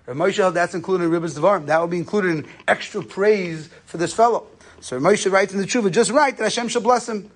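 A man giving a conversational Torah lesson on Jewish law, telling stories and using Yiddish and Hebrew terms. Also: sits high. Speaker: rabbi lecturer.

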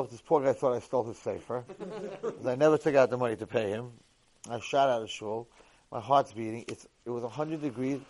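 A man giving a Torah lecture who tells a lively first-person story. He acts out the dialogue and swings between hushed and loud delivery. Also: medium pitch.

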